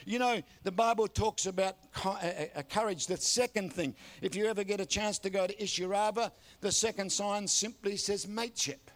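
A man's voice: high voice, normal speed, few pauses, a bit bright. An older man preaching a sermon, telling folksy stories and calling for amens. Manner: folksy storytelling with calls for amen. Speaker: pastor.

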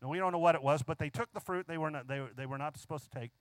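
A man preaching a sermon, emphatic, drawing out key phrases slowly and asking the congregation frequent questions. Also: on the high side, no room sound.

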